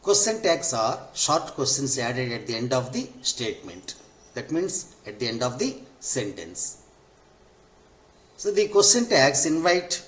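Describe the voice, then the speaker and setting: Man teaching grammar in an echoey room. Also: mid-range voice. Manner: repeats each point slowly, spells out forms. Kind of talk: explaining grammar lesson.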